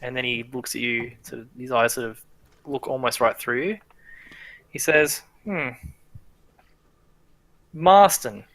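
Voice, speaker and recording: A male game master narrating a tabletop game in a casual way, full of loose fillers. His voice is bright and forward, with a medium pitch. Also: fairly even intonation, normal speed, no room sound.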